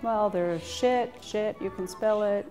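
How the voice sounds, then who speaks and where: A woman's voice: mid-range voice, takes it slowly, warm tone, soft background music. A woman in an interview, explaining signs in a blunt, matter-of-fact way and swearing freely. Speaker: interviewee explaining sign language. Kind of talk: casual interview.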